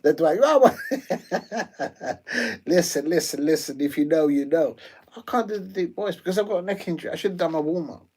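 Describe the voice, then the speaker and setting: A man doing rambling, jokey live commentary on a football match, with slangy asides and sudden excited shouts. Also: on the high side, fairly quick. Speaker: watch-along streamer. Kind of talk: live watch-along commentary.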